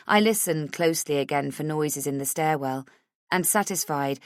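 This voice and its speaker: Low-voiced woman narrating a thriller. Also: no echo, clean studio sound. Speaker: audiobook narrator. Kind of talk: scripted first-person thriller narration.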